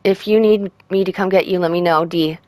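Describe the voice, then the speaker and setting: A woman streamer reading out in-game text messages in a soft, subdued way. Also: fairly low pitch, fairly even intonation, brisk, no room sound. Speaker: gaming streamer. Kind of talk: reading game texts aloud.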